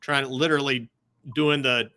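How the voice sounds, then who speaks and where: A man's voice: medium pitch, steady tone, normal speed, pushed and bright. A man guesting on a podcast, chatting casually and hesitantly with lots of fillers. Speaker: podcast guest, comic writer. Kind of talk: casual chat.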